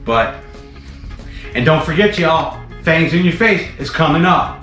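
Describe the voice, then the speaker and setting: A fairly high-pitched man with a bright, animated voice strolls through his indoor snake room at an unhurried pace, soft music playing and the sound roomy. As a channel host who keeps venomous snakes, he offers casual, rambling commentary, saying "um" and "let me tell you" a lot.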